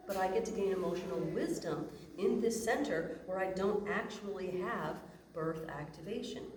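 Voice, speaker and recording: A human design teacher gives a casual, playful talk to an audience in a room, speaking in a fairly low voice at a moderate pace with hardly any pauses. She acts out imagined inner voices. The background is noisy, and the distant mic gives an echoey room sound.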